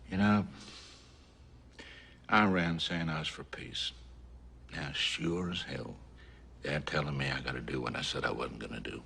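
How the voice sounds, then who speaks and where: An actor playing a blunt, cornered middle-aged president who talks with a drawl. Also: male voice, very deep voice, measured pace, gravelly, pauses often, bright, forceful tone, slight background noise, full character voice. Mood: gruff.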